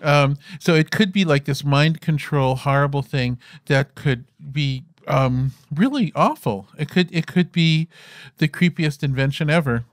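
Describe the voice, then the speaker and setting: A man's voice: a little high, measured pace, dry recording. Man, 50s, interview guest, rambling storyteller, many restarts, dry close sound. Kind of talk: conversational storytelling on stage.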